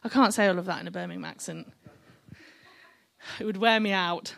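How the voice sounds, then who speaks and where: A woman's voice: sits high, lively intonation, fairly quick, gravelly, fairly bright tone. A middle-aged woman preaching a sermon, chatty and encouraging, with joking asides to the congregation.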